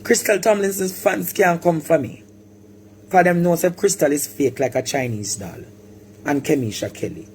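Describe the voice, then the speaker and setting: Animated Jamaican man ranting. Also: on the high side, slight background noise. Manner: animated, swings into shouts and sing-song cries. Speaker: live-stream talker. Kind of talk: ranting live-stream monologue.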